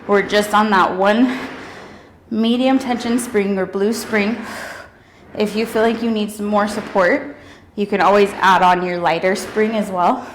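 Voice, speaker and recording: With a medium-pitched voice and a measured pace, a young woman instructor calls out workout cues, counting down and cheering with whoops while getting breathless at times. The recording is low quality with slight background noise.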